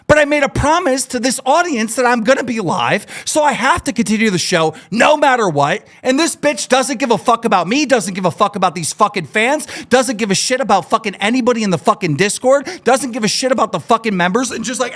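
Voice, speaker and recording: A man hosting a live stream, ranting furiously with constant swearing and shouting. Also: very high-pitched, animated, fairly quick, few pauses. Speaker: show host. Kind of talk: angry live-stream rant.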